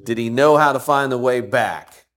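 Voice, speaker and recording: A man's voice: medium pitch, moderate pace, a bit bright. An older man, a grandfather, teaching a Bible story to a group. He keeps asking them questions and acts out the quoted lines. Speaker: preacher. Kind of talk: Bible teaching with congregation responses.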